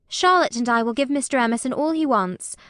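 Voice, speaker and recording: A woman's voice: high voice, fairly quick, fairly bright tone, no room sound, clean studio sound. A woman reading an audiobook, voicing a proud, stubborn young Englishwoman who speaks in a clipped, indignant way.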